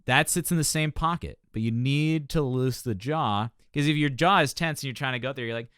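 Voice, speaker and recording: A man's voice: medium pitch, fairly quick, heavy background noise. A man working as a vocal coach, giving passionate, joking commentary while reacting on a live stream. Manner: passionate, joking, animated teaching.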